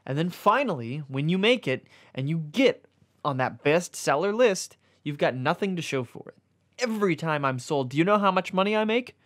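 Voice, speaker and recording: A man's voice: on the high side, expressive, brisk, close to an everyday voice. A man doing a bitter, frustrated living book.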